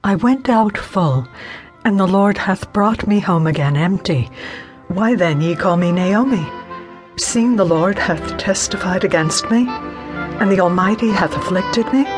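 A woman's voice: medium pitch, measured pace, faint music behind, natural voice. A woman voicing a grieving older widowed woman in an audiobook reading, pleading and sorrowful. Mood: bitter. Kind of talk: scripted audiobook narration.

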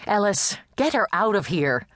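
Woman narrator playing a pushy, short small-town police chief, gruff and curt. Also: high-pitched, sing-song, moderate pace, fairly bright tone, no room sound, clean studio sound, pitched above the performer's own voice. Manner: blunt, brusque, bossy.

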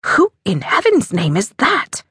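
A woman's voice: mid-range voice, huge pitch swings, unhurried, fairly bright tone, breathy edge, dry recording, studio quality, heavily acted. A woman voicing a stern, proper wealthy society mother who disapproves easily, in an audiobook. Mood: disapproving.

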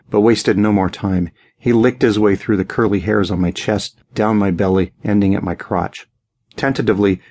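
A man reading a first-person audiobook in an intimate, measured way. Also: low-pitched, darkish tone. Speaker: audiobook narrator.

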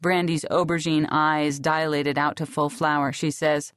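A woman narrating a novel in the first person in a sardonic, deadpan way. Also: sits low, moderate pace, few pauses, no echo, clean studio sound. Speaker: audiobook narrator.

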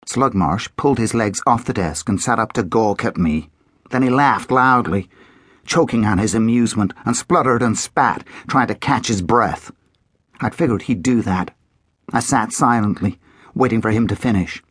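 A man narrating a children's adventure audiobook in the first person, expressive and animated. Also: fairly low pitch, moderate pace, breathy edge, dry recording, clean studio sound.

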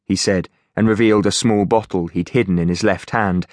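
Low-voiced male audiobook narrator. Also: fairly even intonation, brisk, hardly any pauses, no room sound, studio quality. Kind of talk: scripted narration.

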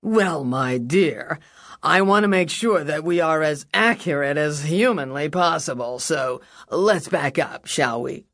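A woman's voice: deep voice, lively intonation, a little slow, no room sound, studio quality, full character voice. A woman voicing a flamboyant, theatrical male defense lawyer with a silky, mocking drawl, in an audiobook. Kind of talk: audiobook character voice.

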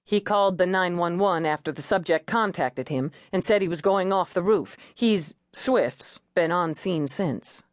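A man's voice: high-pitched, a little slow, hardly any pauses, dry recording, clean studio sound. A woman doing a clipped police captain. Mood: businesslike. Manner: clipped, businesslike. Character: matter-of-fact male police captain.

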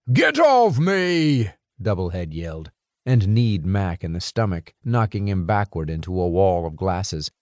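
A man narrating a fantasy audiobook in a dramatic, expressive way, close to a studio mic. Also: low voice, dry recording. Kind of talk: scripted narration.

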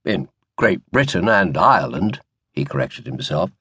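A man narrating a historical novel audiobook in a measured, wry storytelling manner. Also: low voice, very animated, sharp tone, slightly rough, no echo, studio quality.

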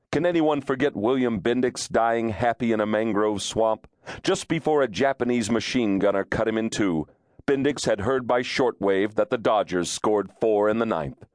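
A man's voice: lowish voice, a little mellow, dry recording. A man reading a nonfiction audiobook aloud in a wry, storytelling manner, close to a studio mic. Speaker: audiobook narrator. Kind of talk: scripted audiobook narration.

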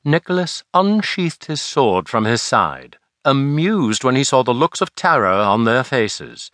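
Brief: male narrator, lively pitch, dry close studio read of a historical novel. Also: unhurried, dry recording. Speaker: audiobook narrator.

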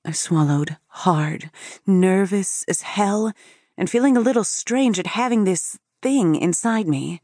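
A woman's voice: mid-range voice, unhurried, mellow, no echo, studio quality. A woman narrating a first-person story for an audiobook in an intimate storytelling manner.

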